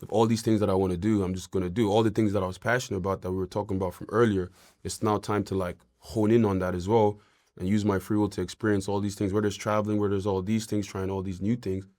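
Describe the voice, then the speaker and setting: A young man from Ireland, a guest in a casual interview, talking in a relaxed, rambling way with many fillers. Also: lowish voice, fast talker.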